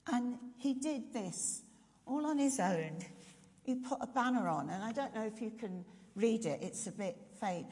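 A woman's voice: mid-range voice, a little mellow. A woman preaching a sermon, reflective, often asking her congregation questions. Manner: reflective, asks the audience questions. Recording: long reverb of a large hall.

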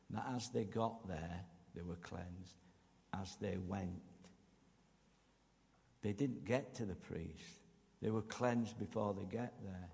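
Slow gravelly-voiced male preacher. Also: on the low side, darkish tone, in a large hall. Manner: slow, measured preaching with emphatic pauses. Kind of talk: sermon.

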